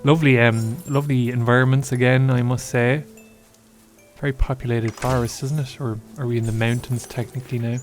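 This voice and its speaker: A man's voice: medium pitch, steady tone, a little fast, faint music behind. A man hosting a let's-play video, giving casual, wry, joking commentary. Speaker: gaming video host.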